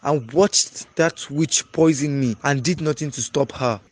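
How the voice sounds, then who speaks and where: A man's voice: a little high, a little slow, no echo. A man with a Nigerian accent voicing a bitter, angry young husband in a cartoon movie, hostile and sarcastic.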